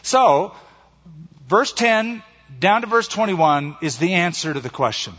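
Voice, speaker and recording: A man delivers a sermon in an emphatic preaching style, drawing out the key phrases. His voice sits a little high for a man. The recording is somewhat muffled and carries the long reverb of a large hall. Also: big pitch swings, a little slow, a bit bright, faint music behind. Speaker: pastor.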